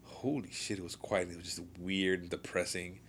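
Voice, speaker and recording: A man in casual podcast chat, telling animated, profane anecdotes. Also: low voice, normal speed, breathy edge.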